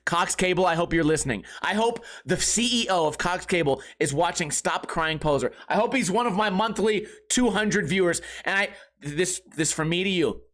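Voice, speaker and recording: A man hosting a comedy podcast, telling a profane story in a rant that bursts into shouting. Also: high-pitched, expressive, moderate pace. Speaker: podcast host.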